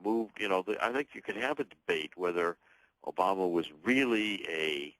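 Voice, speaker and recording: A man with a very deep voice speaks as a radio guest, driving his points emphatically and restarting his sentences as he goes. The sound is dry and close, with no room around it. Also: expressive, moderate pace, fairly bright tone, no room sound, poor audio. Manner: emphatic, talks in long runs with restarts. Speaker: guest author and political commentator. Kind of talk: talk radio interview.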